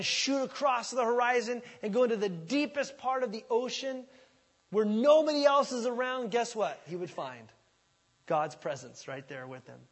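A man preaching a sermon as pastor, talking conversationally and with animation, swinging from loud emphasis to hushed asides. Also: high voice. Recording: long reverb of a large hall.

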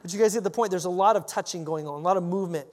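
A man with a high voice gives a sermon in a casual, conversational way. He acts out the scene with lively energy as he teaches. His voice carries a long reverb from a large hall. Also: racing. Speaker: pastor. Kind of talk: expository sermon.

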